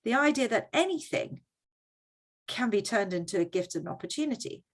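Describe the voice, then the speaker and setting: A woman's voice: a little high, lively intonation, normal speed. A woman presenting a workshop in a conversational teaching style, often checking in with her audience.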